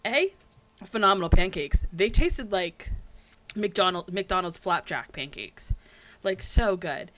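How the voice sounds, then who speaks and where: A woman's voice: lowish voice, animated, takes it slowly, a bit bright. A woman co-hosting a podcast in casual chat, rambling and chatty with lots of fillers. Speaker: podcast co-host.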